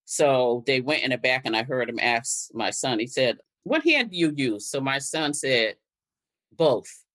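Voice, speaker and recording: This older woman from Connecticut, an activist and guest, speaks with an extremely low pitch, a steady, slightly bright tone, and a somewhat slow pace. She relates her story in conversation, re-enacting quoted exchanges.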